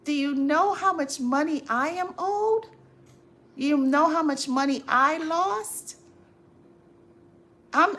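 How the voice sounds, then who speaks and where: A woman's voice: sits high, lively intonation, slow, sharp tone. Exasperated, preachy woman on a livestream. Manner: preachy, exasperated, repeats herself. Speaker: livestream host. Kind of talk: casual live chat, advice to viewers.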